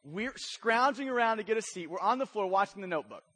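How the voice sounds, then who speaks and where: High-voiced man preaching a casual, joking sermon. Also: animated, fast talker, pushed and bright, breathy edge. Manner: conversational storytelling with frequent "right?" check-ins. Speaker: pastor.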